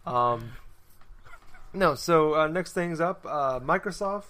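A man's voice: a little high, animated, slow, a bit bright. A man hosting a casual gaming chat, rambling with lots of fillers and restarts. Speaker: podcast host.

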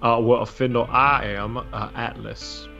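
A man playing a tabletop game, hesitant and halting in casual role-play chat. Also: mid-range voice, flat delivery, gravelly, over music. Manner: hesitant, many "uh"s. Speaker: player. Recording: dull lo-fi recording.

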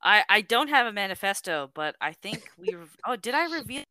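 A woman's voice: mid-range voice, big pitch swings, a little fast, pushed and bright, no echo. A young woman co-hosting a casual podcast, chatting and improvising a story with frequent giggles. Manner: giggly, breaks into laughter while narrating. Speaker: podcast co-host.

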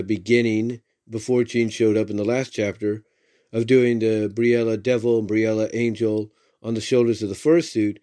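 A man's voice: medium pitch, darkish tone. A man giving a casual, loosely worded recap of a story, stopping often to search for words and repeating the same stock phrases. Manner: rambling, many fillers and restarts, repeats "if you will".

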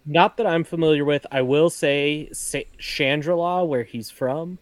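A man chimes in on a podcast with slow, laid-back remarks. The sound is dry and close, with no room echo. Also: fairly high pitch. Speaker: podcast co-host. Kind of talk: casual chat.

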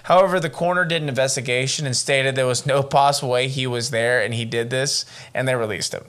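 Man, podcast co-host, casual true-crime chat, excitable and profane, mid-pitched voice. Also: quick pace. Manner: animated, profane, excitable storytelling.

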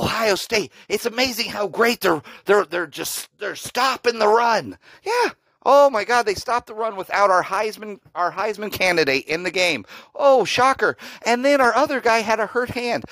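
A man's voice: sits high, a bit bright, no room sound, poor audio. A man hosting a solo sports podcast, ranting sarcastically and profanely about a rival team's staff. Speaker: podcast host. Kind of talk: solo sports reaction rant.

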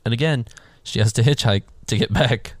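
A man in casual podcast chat, retelling a film scene by scene and acting out the characters in higher voices. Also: moderate pace, no room sound, clean studio sound. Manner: animated, acts out characters' lines in higher voices.

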